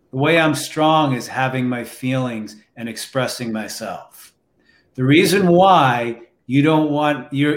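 A man telling a personal story in a slow, reflective, emotional way, with restarts, in casual conversation. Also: mid-range voice. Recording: roomy echo.

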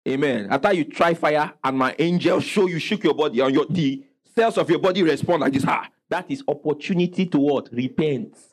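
A man's voice: fairly high pitch, brisk, few pauses, rough recording. A man preaching a sermon as pastor, calling out questions for the congregation to answer and exclaiming praise.

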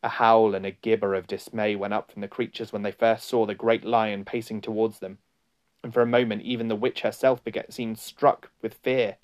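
A man reading a storybook aloud in a slow, deliberate and dramatic narration. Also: fairly low pitch, flat delivery, clean tone. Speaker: audiobook narrator.

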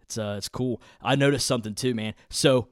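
A man's voice: mid-range voice, fairly even intonation, fairly quick, no echo, clean studio sound. A man with a Southern Ohio accent hosting a solo podcast, talking off the cuff in a profane, rambling, laid-back way. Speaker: podcast host. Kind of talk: unscripted solo podcast chat.

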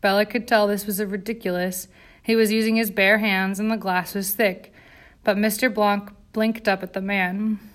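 A woman's voice: mid-range voice, little pitch movement, normal speed. Woman reading a dramatic story aloud. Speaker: narrator. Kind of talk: audiobook narration.

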